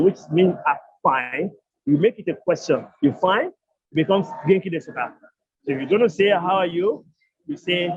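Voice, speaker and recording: High-voiced man teaching slowly. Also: a little mellow, breathy edge, dry recording, muffled recording. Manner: explains step by step, repeats phrases slowly. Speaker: language teacher. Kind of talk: online language lesson.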